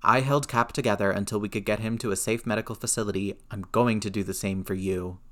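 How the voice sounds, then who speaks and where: A man reading aloud, voicing a steady male field medic who speaks calmly, firmly and reassuringly. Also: fairly low pitch, fast talker, natural voice. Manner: calm, reassuring, firm.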